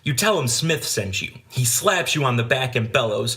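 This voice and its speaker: A man's voice: mid-range voice, expressive, moderate pace, hardly any pauses, pushed and bright. A man hosting a gaming channel, reading a gamebook aloud with casual, joking asides.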